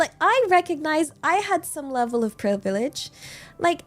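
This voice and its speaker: A woman's voice: very high-pitched, big pitch swings, moderate pace, soft background music. A young woman streamer telling a story in casual chat, incredulous and laughing, rambling with many fillers.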